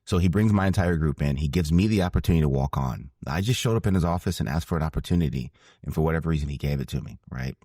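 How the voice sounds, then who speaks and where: A former ballplayer and broadcaster in his forties, appearing as a podcast guest, tells a heartfelt story in answer to an interview question. His very deep voice is warm, slightly rough and rapid-fire, recorded in studio quality with no echo. He is earnest and emphatic, often repeating phrases for weight.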